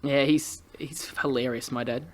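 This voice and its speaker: A woman's voice: a bass voice, steady tone, moderate pace. A middle-aged woman with an Australian accent, a comedian chatting on a podcast, telling stories with plenty of swearing and acted-out quotes. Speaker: comedian guest. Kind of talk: casual podcast chat.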